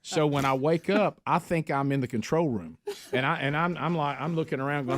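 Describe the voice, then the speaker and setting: A man co-hosting a radio show, telling stories in a casual, animated way and acting out the quoted voices. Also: medium pitch, fast talker, no echo. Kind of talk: casual talk radio storytelling. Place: radio studio. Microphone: studio microphone.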